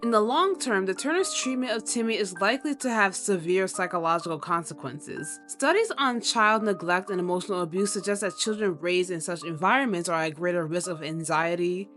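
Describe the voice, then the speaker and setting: A woman's voice: lowish voice, brisk, few pauses, over music. Woman narrating a cartoon commentary. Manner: breaks into casual slang asides. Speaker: commentary host.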